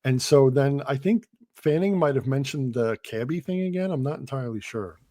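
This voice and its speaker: A man's voice: medium pitch, lively intonation, normal speed, mellow. A man chats casually on a movie podcast, retelling scenes and acting out quoted lines. He talks loosely with many ums and restarts. The sound is close and dry, with no room echo. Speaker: podcast host.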